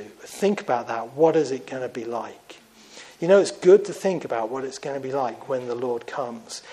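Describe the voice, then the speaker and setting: A man preaching a sermon in a chapel, swinging from fervent raised emphasis to hushed, low tones. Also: rough recording.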